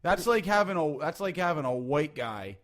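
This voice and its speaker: A man's voice: fairly high pitch, very animated, moderate pace, fairly bright tone. A man co-hosting a casual podcast, blunt and laid-back, swearing freely. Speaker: podcast co-host. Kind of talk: casual chat.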